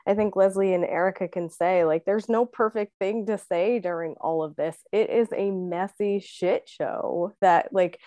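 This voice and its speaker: A woman's voice: mid-range voice, normal speed, hardly any pauses, warm tone, dry recording, studio quality. A woman in a heartfelt casual conversation who rambles with lots of "you know" fillers. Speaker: podcast guest sharing a miscarriage experience.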